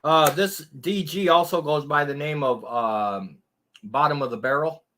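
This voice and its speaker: A man's voice: a little high, unhurried, fairly bright tone, a little hiss or hum. A man live streaming and chatting casually with his viewers, rambling in a crude and profane way.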